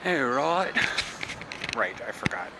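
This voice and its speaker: A man's voice: medium pitch, very animated, slow, very noisy. A man chatting casually while walking and filming himself with a handheld camera, rambling through stories on a city street. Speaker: vlogger. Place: outdoors on a city street and in shops. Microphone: handheld camera, no tripod.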